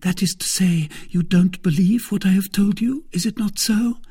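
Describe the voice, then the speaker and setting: A man voicing a timid, secretive young maidservant, speaking in a breathy, hushed near-whisper. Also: high voice, normal speed, voice pushed up. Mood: earnest. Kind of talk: audiobook character voice.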